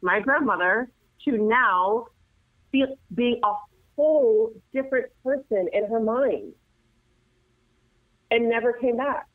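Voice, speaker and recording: A woman working as a nurse and assisted living administrator, giving earnest caregiving advice as a guest and telling stories in a lively way. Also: fairly high pitch, slow, long pauses, no room sound. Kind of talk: casual advice chat. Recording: tinny dry phone line.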